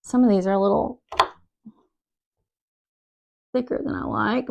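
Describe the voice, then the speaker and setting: Frazzled mom chatting while cooking. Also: female voice, fairly high pitch, brisk, gravelly, muffled recording. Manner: emotional, rambling storytelling. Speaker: mom vlogger cooking at home. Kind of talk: casual chat while cooking. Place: home kitchen.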